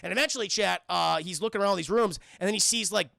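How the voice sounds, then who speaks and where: Male streamer, animated and profane, high voice, bright and gravelly, dry close mic. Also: quick pace, no echo. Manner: animated, profane, keeps addressing chat. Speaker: streamer film reviewer. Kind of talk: casual scene-by-scene film recap to live chat.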